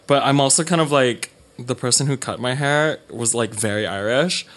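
A man co-hosting a podcast, telling a story in an animated way and laughing often. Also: medium pitch, normal speed. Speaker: podcast co-host. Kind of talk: casual chat. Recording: noisy with clicks.

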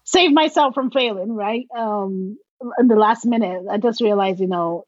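A woman from Nigeria with a British-leaning accent, chatting as an interview guest, lively and acting out quotes as she tells stories. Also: medium pitch, normal speed, no echo, highs cut off. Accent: British English with a Nigerian background. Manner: animated storyteller, laughs and acts out quotes. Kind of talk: casual conversational interview.

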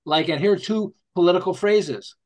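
A man with a fairly high voice tells stories as a guest in an interview. He is animated and acts out little scenes, jumping from joke to example and starting his sentences over as he talks. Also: moderate pace. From United States. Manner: rambling with restarts, tells jokes. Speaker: guest, marketing author. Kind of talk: storytelling interview.

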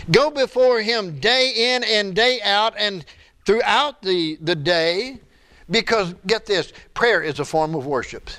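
High-voiced preaching man. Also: sharp tone. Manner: conversational preaching, rises and drops in pitch for emphasis. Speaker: pastor. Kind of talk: sermon.

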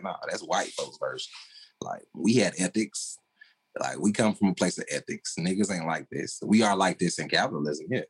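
A man's voice: low-pitched, slightly rough, poor audio. A man in casual podcast conversation, talking emphatically in slang and laughing often.

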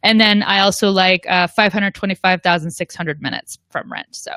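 A woman's voice: on the low side, moderate pace, sharp tone, dry recording. A woman talking as a guest host on a live show, chatty and playful. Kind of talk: casual live show chat.

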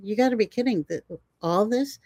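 A woman putting on a charming older man with a gentle Virginia drawl, speaking low and soft, fond and unhurried, in a dry, close recording. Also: dry recording, natural voice.

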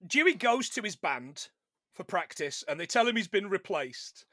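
A man's voice: high-pitched, very animated, moderate pace, pushed and bright, dry recording, clean studio sound. A man, co-hosting a casual film podcast, swearing and laughing often. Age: 40s. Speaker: podcast co-host.

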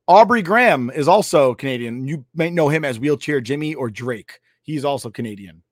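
A man's voice: mid-range voice, animated, moderate pace, no room sound. A young man co-hosting a casual sports podcast, arguing in profane banter. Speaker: podcast co-host.

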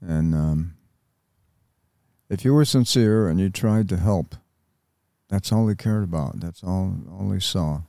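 An older American man speaks in a very low, gravelly voice, slow and reflective, stopping often to find his words. His tone is dark and mellow, recorded close and dry. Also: no echo. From United States. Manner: halting, reflective, with many pauses. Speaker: interview guest, Vietnam veteran. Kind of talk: reflective interview talk.

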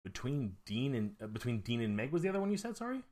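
A man's voice: mid-range voice, big pitch swings, fast, a crowd in the background. A man co-hosting a podcast, talking casually in a rambling, hesitant way with lots of fillers and restarts. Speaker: podcast co-host.

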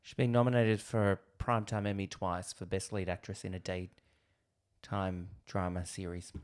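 A man co-hosting a podcast, trading quick jokes and one-liners in casual film chat. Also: low voice, level tone, smooth. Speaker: podcast co-host.

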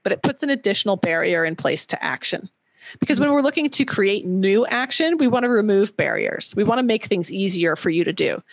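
A woman's voice: mid-range voice, expressive, a little fast, no echo, dull audio. A woman co-hosting a podcast, explaining habits in a casual coaching way and often checking in with "right?". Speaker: podcast co-host, nutrition coach.

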